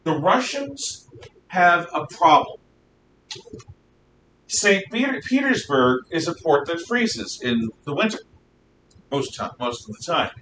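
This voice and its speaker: A man's voice: sing-song, slow, long pauses, a bit bright. A man teaching a history class, lecturing in a rambling way with fillers and frequent self-corrections. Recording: echoey room, mic at a distance, faint rumble.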